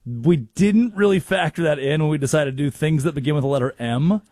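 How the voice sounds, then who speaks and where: A man's voice: fairly high pitch, fairly quick, no echo, studio quality. A man hosting a comedic sports talk show, telling stories and mimicking people. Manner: storytelling, mimics people in quotes, animated. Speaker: radio show host.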